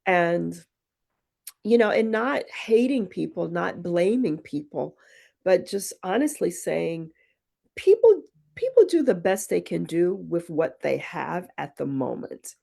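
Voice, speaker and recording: On a podcast, a poet who founded a retreat reflects thoughtfully in conversation, telling personal stories and voicing the dialogue within them. Her voice sits lowish, with vocal fry and a mellow quality, and she speaks slowly but animatedly.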